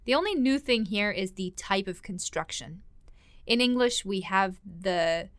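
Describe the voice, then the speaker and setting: Woman teaching a language lesson clearly. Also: mid-range voice, lively intonation, unhurried, fairly bright tone, no room sound, clean studio sound. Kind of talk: language lesson dialogue explanation.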